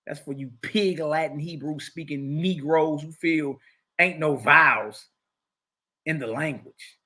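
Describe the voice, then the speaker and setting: Middle-aged male Bible teacher, high forceful voice, mocking and combative delivery. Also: a little slow. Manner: mocking, confrontational, preachy. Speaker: religious teacher. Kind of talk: fiery scripture lesson.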